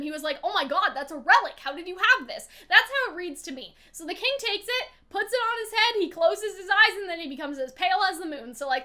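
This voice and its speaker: Bright high-voiced woman theorizing casually. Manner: chatty, animated, laughs often, swears casually. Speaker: VTuber streamer. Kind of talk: casual analysis and discussion.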